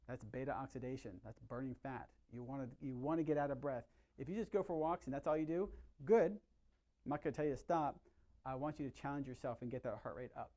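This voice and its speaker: A middle-aged man, a chiropractor, giving an energetic, conversational health talk to his patients and often asking them questions. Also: medium pitch. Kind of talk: live workshop talk to patients.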